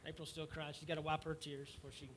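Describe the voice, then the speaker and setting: A man's voice: fairly high pitch, completely flat delivery, fast, fairly bright tone. A man hosting a church service, effusive and emotional as he cheers on the speakers. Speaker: church host leading the service. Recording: live church crowd noise.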